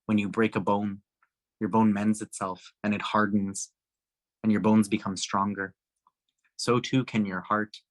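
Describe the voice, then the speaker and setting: A man's voice: on the low side, little pitch movement, a little slow, pauses often. A man speaking earnestly at a town hall, telling a personal story with frequent restarts and fillers. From Canada.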